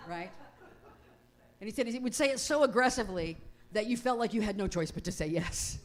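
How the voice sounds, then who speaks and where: A woman pastor giving a conversational sermon, reading prayers slowly and reflectively. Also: on the low side, expressive. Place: church sanctuary.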